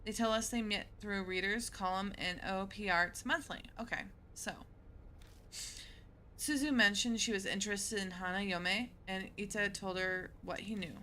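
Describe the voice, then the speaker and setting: Bright-voiced woman streaming a game. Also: medium pitch, moderate pace, a little hiss or hum. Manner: chatty, laughs at the game. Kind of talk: casual let's-play commentary and reading.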